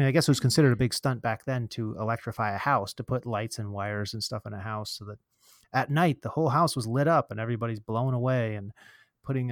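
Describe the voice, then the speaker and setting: A man's voice: medium pitch, no echo. Guy hosting a podcast, joking around, medium voice, dry sound, lots of ums. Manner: joking, chatty, with fillers. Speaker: podcast host. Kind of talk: casual podcast chat.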